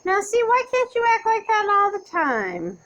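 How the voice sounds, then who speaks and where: A woman's voice: very high-pitched, huge pitch swings, normal speed, a bit bright, lo-fi sound. A woman filming her pets at home, chatting to them in sing-song baby talk. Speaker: pet owner. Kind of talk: home pet video.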